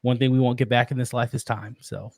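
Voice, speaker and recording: Earnest dad, dry close sound. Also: male voice, medium pitch, level tone, no echo. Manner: earnest, reflective, halting with restarts. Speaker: podcast guest, father. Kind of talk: casual interview.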